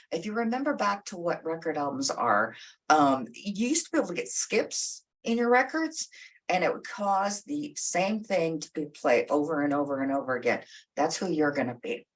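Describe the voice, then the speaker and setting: A woman's voice: sits low, lively intonation, moderate pace. A woman therapist giving direct, coaching advice in a talk. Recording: voice a bit far from the mic.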